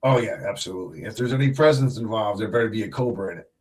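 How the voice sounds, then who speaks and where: A man's voice: fairly low pitch, racing, darkish tone, distant mic. A man guesting on a casual wrestling podcast, rambling with many fillers and restarts and joking around. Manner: jokey, slips into wrestler impressions.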